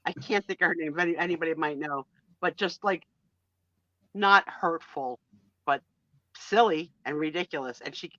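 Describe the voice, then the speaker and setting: A woman in her sixties hosting a casual live-stream chat, talkative and quick to laugh. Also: sits low, no echo, lo-fi sound. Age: 60s. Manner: chatty and animated, laughs easily. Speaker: host.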